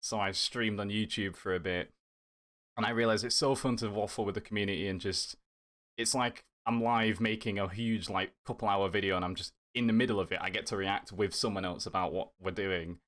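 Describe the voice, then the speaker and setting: A male content creator appears on a casual podcast, rambling with enthusiasm, using fillers and restarting his thoughts. His lowish voice holds a steady tone, a little fast and somewhat bright.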